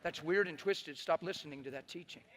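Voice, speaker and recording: A man giving an impassioned testimony, swinging from loud bursts to hushed, near-whispered moments. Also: a little high, a little fast, a little hiss or hum. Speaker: preacher giving his testimony. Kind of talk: emotional testimony.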